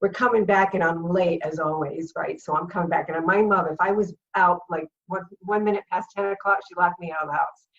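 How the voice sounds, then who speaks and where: A middle-aged woman from Rhode Island, a comedian guest telling lively stories with frequent laughter in a casual chat. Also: fairly low pitch, a little fast, hardly any pauses, far from the mic, muffled recording.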